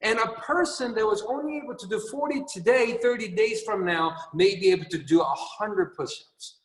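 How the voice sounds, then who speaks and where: A man's voice: high-pitched, moderate pace, roomy sound, big-room sound, recorded from a distance, low-quality recording. A man chairing a company video call, giving an earnest, repetitive motivational talk and laughing at his own jokes. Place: training room.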